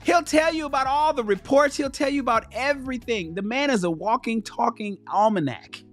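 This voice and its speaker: A man hosting a livestream who talks in a profane, animated way and acts out the people he quotes. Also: very high voice, brisk, faint music behind. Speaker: host. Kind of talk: livestream commentary.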